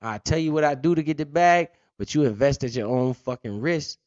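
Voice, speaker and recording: A man's voice: fairly high pitch, lively intonation, brisk, a little mellow, no echo, lo-fi sound. A man hosting a casual crypto livestream, telling stories animatedly with lots of slang and swearing. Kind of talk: casual profane livestream talk.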